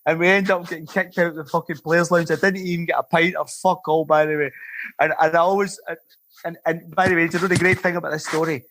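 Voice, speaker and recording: A Scottish man in his fifties, a former footballer and podcast guest, telling lively rambling stories and swearing freely. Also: on the high side, fast. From Scotland. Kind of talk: casual anecdotal storytelling.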